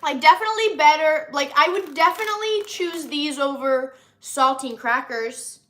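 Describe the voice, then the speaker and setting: Bright, high-voiced chatty American woman. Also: moderate pace. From United States. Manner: rambling, chatty, with many likes and ums. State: slightly nasal from recent illness. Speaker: vlogger tasting snacks. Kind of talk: casual chat to camera.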